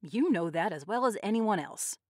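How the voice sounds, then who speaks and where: Woman as a formal village official man, brisk, louder than the narration. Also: mid-range voice, lively intonation, dry recording, studio quality, close to an everyday voice.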